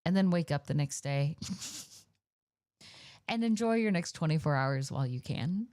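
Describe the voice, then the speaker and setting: A woman's voice: deep voice, animated, normal speed, long pauses, darkish tone. A young woman streamer chatting casually at the end of a stream, playful and talkative. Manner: chatty and playful, baby-talks to her dog.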